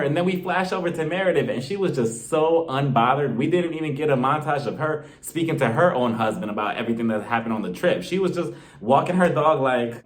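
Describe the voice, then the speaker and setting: A man's voice: fairly high pitch, expressive, fairly quick, hardly any pauses. Fields: Role: reality TV reviewer. Style: comedic recap vlog. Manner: sassy, laughs at his own jokes.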